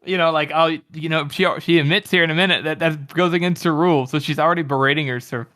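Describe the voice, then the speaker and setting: A man's voice: a little high, steady tone, fast, bright, forceful tone. A man co-hosting a podcast, chatting about a book with playful, laughing commentary. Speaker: podcast co-host. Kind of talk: casual book discussion.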